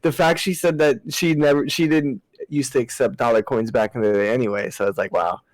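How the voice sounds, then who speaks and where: A young man co-hosting a casual podcast, telling lively work stories and laughing as he acts out his coworkers. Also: mid-range voice, fairly quick, dry recording, rough recording. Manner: animated storytelling, laughing and acting out coworkers. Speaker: podcast co-host. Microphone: podcast mic over internet call.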